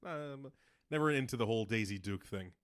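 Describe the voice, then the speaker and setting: A man's voice: mid-range voice, animated, fairly quick, no room sound. Laid-back man with short dry replies. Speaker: podcast co-host. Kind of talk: casual podcast chat.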